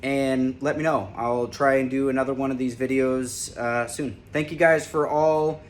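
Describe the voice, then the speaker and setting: A man's voice: medium pitch, fairly even intonation, normal speed, slight background noise. A former corrections officer, a man, casually telling a lighthearted story and laughing as he recalls it. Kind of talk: casual personal storytelling to camera.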